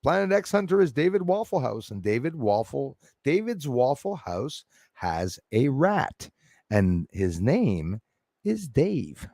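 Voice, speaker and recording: A man's voice: medium pitch, big pitch swings, slow pace, mellow, no room sound. A man chatting casually on his livestream, laughing often and reading out viewer names. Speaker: livestream host.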